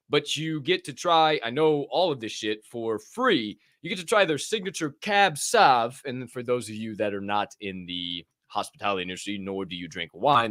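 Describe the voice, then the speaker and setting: A young American man hosting a casual crypto news show, joking and swearing, his voice jumping in bursts of excitement. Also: mid-range voice, dry recording, clean studio sound. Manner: animated, profane, jokey, bursts of shouting. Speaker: podcast host.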